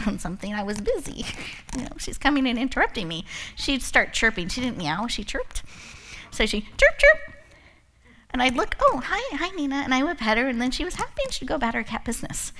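A woman's voice: on the high side, fast talker. A woman hosting an event, giving a motivational talk full of personal stories and frequent laughter. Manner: laughs often, animated storytelling. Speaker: event host and speaker.

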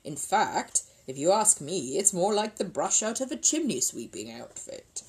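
A woman voicing a sensible middle-aged father who talks in a measured, reasonable way. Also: lowish voice, very animated, a little mellow, slightly rough, exaggerated voice, low-quality recording. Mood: calm.

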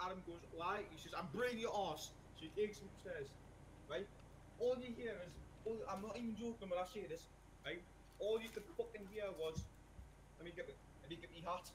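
A high-pitched young man swears freely as he rambles through a story for his friends, tagging his sentences with "okay?" and "right?". The recording is noisy, with hiss and clicks throughout. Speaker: gamer telling a story to friends. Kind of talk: casual profane chat.

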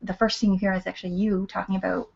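Gravelly Canadian woman, soft and earnest. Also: medium pitch, level tone, fast talker, muffled recording. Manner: earnest, explanatory, drifts into whispers. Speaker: documentary filmmaker guest. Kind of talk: casual chat.

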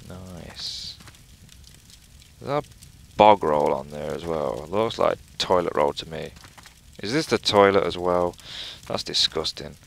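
A man's voice: deep voice, unhurried, creaky, fairly bright tone, slight background noise. A man giving sarcastic, profane commentary while playing a horror video game. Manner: profane, sarcastic, joking asides. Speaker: let's play host. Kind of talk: gameplay commentary.

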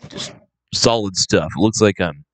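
A man talking casually to his viewers into a close microphone, rambling with fillers and restarts, a little hoarse and coughing now and then. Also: on the low side, normal speed, no room sound. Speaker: vlogger. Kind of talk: casual unscripted talk to camera. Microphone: close handheld microphone.

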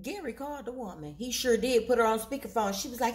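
A woman with a fairly high voice talks through a TV episode in a casual recap. She tells it with lively animation and slips into the characters' lines as she goes. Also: quick pace. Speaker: recap show host.

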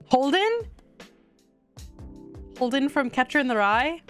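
A woman live-streaming a game, talking casually and excitably straight to her viewers. Her voice sits fairly high, and faint music plays underneath. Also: a little slow, long pauses. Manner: chatty, excitable, talks to viewers.

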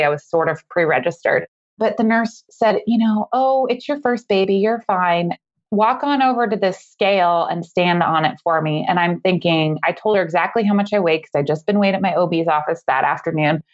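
A woman telling a personal story as a podcast guest, in a casual, animated way, laughing often as she talks. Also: lowish voice, brisk, highs cut off.

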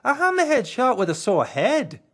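A storyteller putting on a grumpy old hammerhead shark toy, gruff and wry, who needles the little bear with dry humour. He speaks loudly and firmly, with a pitch that jumps up and down, in a storybook read-aloud. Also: big pitch swings, normal speed. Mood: indignant.

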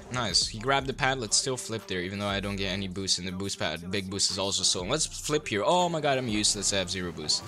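A man's voice: on the low side, animated, a little fast, bright, forceful tone, soft background music. A young man coaching a player through a game replay, blunt, sarcastic and full of swearing.

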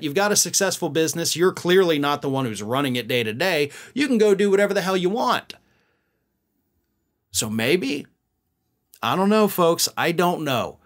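A man's voice: high voice, fairly bright tone. A man hosting a political commentary show, talking casually to viewers with musing asides.

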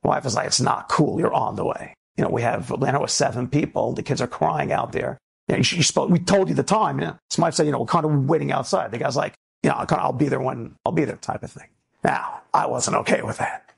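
A man from the United States gives an inspirational talk as a rabbi. His voice is gravelly and a little husky. He tells his stories in lively low asides and then presses his point in emphatic preaching. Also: fast talker. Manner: animated storyteller, swings between low asides and emphatic preaching.

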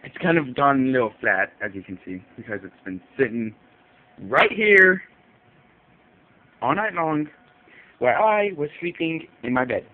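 A man's voice: medium pitch, lively intonation, unhurried, long pauses. A man swearing constantly as he rambles in a casual vlog from his bedroom. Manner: profane, rambling, jumpy. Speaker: vlogger. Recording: tinny lo-fi audio with faint hiss.

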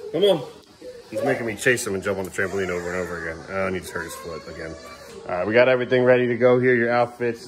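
A man filming a casual family vlog at home, coaxing and joking with his children as he hurries them through bath time. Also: medium pitch. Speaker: father filming his kids.

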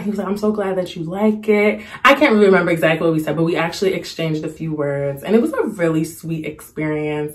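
A young woman chatting casually to the camera, telling a story and acting out the quotes in a higher voice. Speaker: storytime vlogger.

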